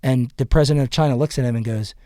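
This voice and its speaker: A man's voice: mid-range voice, fast, dry recording. Dry, close American man telling a story. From United States. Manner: animated, quotes others in raised voices, swears. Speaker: podcast guest. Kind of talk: casual storytelling chat.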